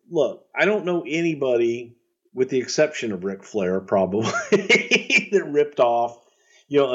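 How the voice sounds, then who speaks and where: A man's voice: on the low side, slightly rough, dull audio. A middle-aged man telling wrestling stories in casual podcast chat, profane and rambling, with chuckles. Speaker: podcast storyteller.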